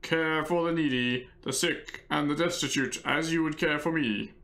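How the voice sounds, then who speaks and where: A man voicing a stern male god who pronounces judgment slowly and solemnly. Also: fairly high pitch, steady tone, fairly bright tone.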